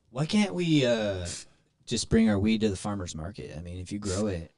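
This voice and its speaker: A man's voice: fairly low pitch, lively intonation, dark tone. A man hosting a casual podcast, joking and chiming in often with crude quips. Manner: jokey, quick to chime in, crude quips.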